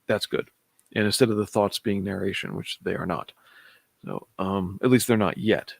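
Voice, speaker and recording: A man's voice: low voice, normal speed, vocal fry, breathy edge, no room sound. A man casually reviewing a comic book on a stream, thinking aloud, humming to himself and chuckling often.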